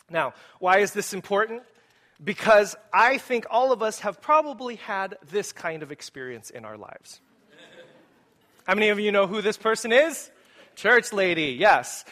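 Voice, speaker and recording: A man preaching a sermon as pastor to his congregation in a church, speaking with lively, rising emphasis and putting questions to the listeners. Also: on the high side. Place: church sanctuary.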